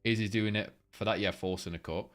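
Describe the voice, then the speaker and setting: A man's voice: lowish voice, steady tone, fairly quick, fairly bright tone. A young man hosting a casual live market breakdown, rambling loosely, swearing freely and filling gaps with ums while he reads chat. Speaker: trading livestream host.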